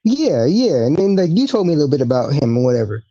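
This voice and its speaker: Podcast co-host, mellow tone, hesitant chatty delivery, muffled lo-fi recording. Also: mid-range voice, very animated, quick pace. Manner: hesitant, filler-laden agreement. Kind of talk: casual chat.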